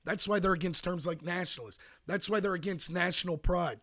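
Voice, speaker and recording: A man's voice: sits high, a little fast, sharp tone. An American man hosting a political commentary show, ranting emphatically and answering his chat. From United States. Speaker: podcast host.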